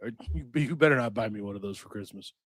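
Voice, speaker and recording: A man's voice: lowish voice, fast talker, dry recording. A sick man with a nasal, stuffed-up voice who is short of breath, chatting casually and joking dryly over a remote call. The sound is close and dry. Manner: casual banter, dry jokes. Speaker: podcast co-host. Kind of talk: casual chat. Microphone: remote call mic.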